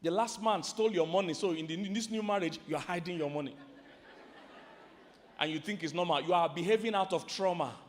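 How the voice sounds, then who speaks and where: A man with a Nigerian accent preaching a sermon to a live audience, animated and quizzing the crowd. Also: sits high, fairly quick, slight background noise. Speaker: pastor and relationship teacher. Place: large hall with a live audience. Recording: long hall reverb.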